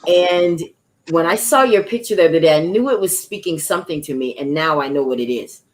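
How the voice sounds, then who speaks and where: A woman's voice: low-pitched, fairly quick. A woman hosting a talk show, speaking in an emphatic, preacher-like way with encouraging declarations and laughing asides.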